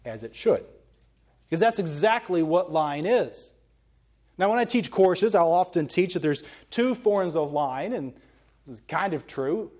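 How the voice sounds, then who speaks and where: A man's voice: high voice, expressive, unhurried, darkish tone. A man preaching a sermon, reading scripture aloud and then explaining it with earnest emphasis. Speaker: pastor.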